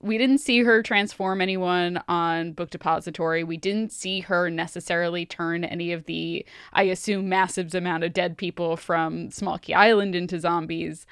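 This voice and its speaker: A woman who plays in the game, chatting on a podcast in a quick, emphatic, laughing way. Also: lowish voice, fairly even intonation, smooth, no room sound, clean studio sound. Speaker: player and co-host. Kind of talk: casual podcast chat.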